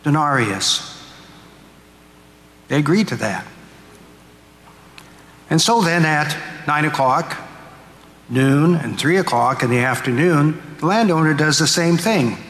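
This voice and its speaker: A male pastor preaches a homily in a church, retelling a parable as a story and acting out its speakers. His slightly high, bright voice has lively intonation and moves slowly with long pauses, recorded in an echoey hall with faint ambience.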